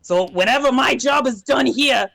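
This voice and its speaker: A man voicing a crude, cranky little male imp who picks locks, shouting and swearing. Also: very high-pitched, normal speed, vocal fry, pitched above the performer's own voice, heavily acted. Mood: grumbling.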